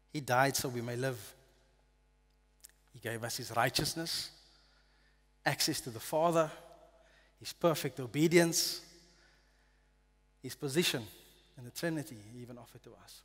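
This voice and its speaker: A man preaching a sermon in a church hall, reading scripture earnestly and dropping to a hush on solemn lines. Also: medium pitch. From South Africa. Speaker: pastor.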